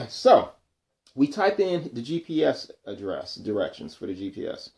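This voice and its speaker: A man casually telling a story from his job, animated and acting out what others said. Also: medium pitch, a little slow, creaky. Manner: animated, acts out quoted dialogue. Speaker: vlogger telling a work story.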